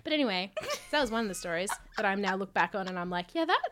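A woman co-hosting a podcast in casual chat, telling stories in an animated way and swearing freely. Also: mid-range voice, fast. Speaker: podcast co-host.

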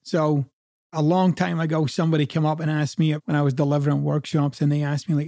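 A man's voice: on the high side, little pitch movement, fairly quick, creaky, dark tone, no echo, studio quality. A man from Scotland with a Scottish accent, a coach giving a blunt, profane, conversational motivational talk.

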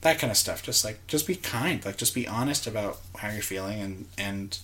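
A man's voice: on the low side, animated, normal speed, bright, forceful tone, a little hiss or hum. A man co-hosting a podcast in casual chat, swearing freely and acting out quoted lines. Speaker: podcast co-host.

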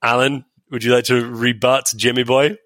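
A man's voice: medium pitch, flat delivery, normal speed, fairly bright tone, no room sound. A man hosting a casual podcast, wry and chatty, with plenty of ums. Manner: wry, chatty, reading out plugs with many ums. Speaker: podcast host.

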